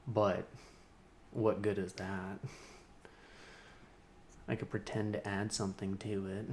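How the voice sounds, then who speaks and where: Low-voiced man rambling on a livestream. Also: little pitch movement, takes it slowly, slight background noise. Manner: rambling, laughing to himself, swings between loud and muttered. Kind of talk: rambling solo livestream monologue. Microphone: streaming mic.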